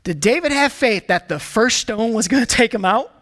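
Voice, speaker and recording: A man preaching a sermon in an energetic, emphatic way, calling out to the congregation and dropping into hushed low asides. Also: normal speed. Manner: swings from excited bursts to hushed low asides. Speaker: pastor.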